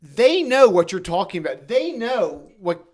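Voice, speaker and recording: A man co-hosting a podcast talks in rhetorical questions and emphatic lists. His voice sits fairly high for a man. He pushes his points with rising emphasis. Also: very animated, measured pace. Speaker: podcast co-host, former governor. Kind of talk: podcast conversation.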